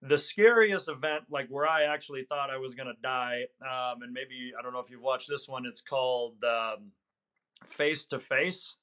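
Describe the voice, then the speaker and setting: A man's voice: mid-range voice, moderate pace, sharp tone, clear, resonant tone. A middle-aged man, a hunting guide, telling a story in conversation, earnest and reflective, with some fillers and restarts. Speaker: hunting guide, podcast guest.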